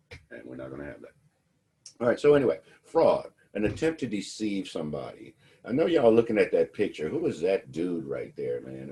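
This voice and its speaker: A man's voice: low voice, mellow, breathy edge. A man giving a lecture to students, telling a personal story in a wry, conversational way. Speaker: instructor.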